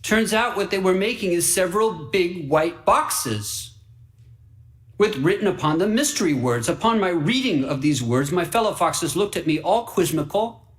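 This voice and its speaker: A man reading a fable aloud for radio in an earnest, wide-eyed way, dropping to hushed whispers and rising into excited bursts. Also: high voice, normal speed. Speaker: story reader.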